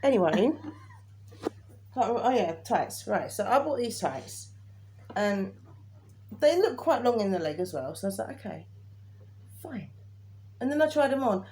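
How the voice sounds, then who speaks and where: A woman's voice: medium pitch, sing-song, normal speed, pauses often, darkish tone. A woman, co-hosting a casual chat and ranting in an exasperated, chatty way. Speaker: podcast co-host. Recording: faint background noise.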